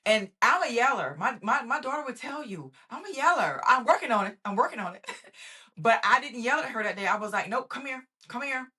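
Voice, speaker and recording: A woman's voice: a little high, lively intonation, a little fast, sharp tone, slightly rough. A middle-aged woman hosting a podcast, telling a family story with laughter and affirming remarks. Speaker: podcast host. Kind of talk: candid podcast conversation.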